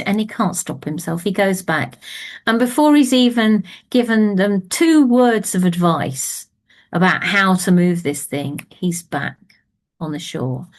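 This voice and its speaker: A woman storyteller telling a folk tale aloud, speaking intimately and often dropping to a whisper. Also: mid-range voice. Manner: slow and intimate, dipping to whispers. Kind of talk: oral storytelling.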